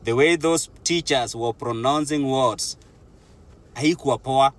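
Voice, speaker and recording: A man's voice: mid-range voice, unhurried. Young kenyan guy chatting to camera, swaps between english and swahili, easygoing. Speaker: vlogger. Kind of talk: casual talk to camera.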